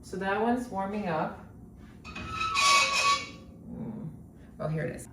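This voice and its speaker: Moving around her home kitchen, a vlogger and identity coach films a relaxed day-in-my-life video, rambling and cursing frequently. Her voice is medium in pitch and a little fast, and the recording is very noisy.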